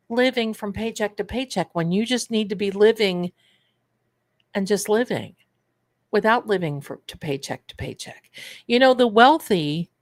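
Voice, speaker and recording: A woman's voice: medium pitch, no room sound. A woman hosting a manifestation and tarot show, telling stories in a casual livestream chat and calling her viewers darlings. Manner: chatty storyteller, addresses viewers as darlings.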